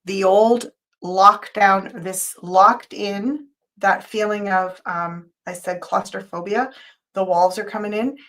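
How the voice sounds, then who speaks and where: A woman's voice: medium pitch, fairly even intonation. Intense, emotional woman tarot host. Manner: emotional and intense, thanking viewers by name; spiritual, guiding talk with quick changes of loudness. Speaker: tarot reader and show host. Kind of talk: live psychic tarot reading, chatting with viewers.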